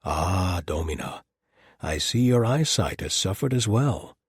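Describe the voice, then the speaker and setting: A gallant paladin with a dry, teasing wit and a deep, husky voice, as a male narrator plays him. His lines sound close and dry, with no room around them. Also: expressive, a little slow, dry recording, exaggerated voice. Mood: wry. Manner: dry, teasing, formal phrasing.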